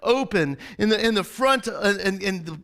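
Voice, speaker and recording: A male pastor spins a rambling, animated story in his sermon, tossing "right?" to the congregation again and again. His voice sits high and sounds sharp and bright. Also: normal speed. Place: church service before a congregation.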